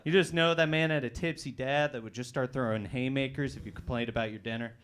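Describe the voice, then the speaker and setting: Young man doing a loud, punchy stand-up set. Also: medium pitch, steady tone, fast talker, smooth. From Colorado. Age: 20s. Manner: loud, punchy delivery with bursts of shouting. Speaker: stand-up comedian. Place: comedy club stage.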